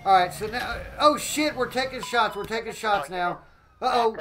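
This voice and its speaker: Excitable high-voiced man streaming a game. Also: moderate pace, a crowd in the background, low-quality recording. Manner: excitable, keeps exclaiming and greeting chat. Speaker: gaming live streamer. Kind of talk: live gameplay commentary.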